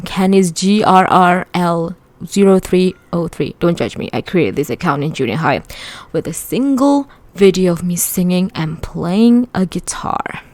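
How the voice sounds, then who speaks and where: A woman's voice: on the low side, darkish tone, no echo. A woman reading a first-person audiobook aloud in a conversational, wry teenage-narrator delivery. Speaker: audiobook reader.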